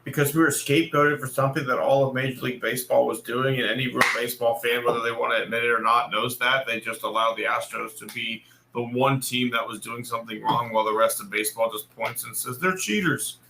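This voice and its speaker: Fast gravelly man in a roomy space. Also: mid-range voice, level tone, bright, forceful tone, slight background noise. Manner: blunt, adds facts in long runs. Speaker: podcast co-host. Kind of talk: sports talk. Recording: roomy echo.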